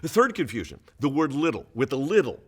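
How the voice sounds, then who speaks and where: Male pastor, animated Bible teacher, pitch leaping up and down, emphatic with chuckles. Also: quick pace, slightly rough. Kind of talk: Bible teaching for small groups.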